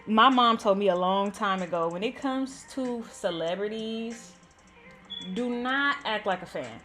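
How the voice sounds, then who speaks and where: A woman in her thirties, a vlogger from the San Francisco Bay Area, recounts a story for viewers, chatty, blunt and profane. Her tone is bright and forceful, her pitch medium and her pace measured. Faint music sits in the background.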